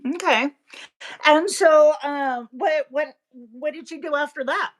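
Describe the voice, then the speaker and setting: High-pitched woman hosting an interview. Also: slow pace. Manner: encouraging, frequent short backchannels. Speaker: interview host. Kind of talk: casual interview.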